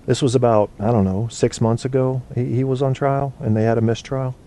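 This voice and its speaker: Mellow-voiced, rambling man hosting an online show. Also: medium pitch, fairly even intonation, a little fast. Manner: rambling and profane, thinking aloud. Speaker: internet radio host. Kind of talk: casual live chat show, answering chat.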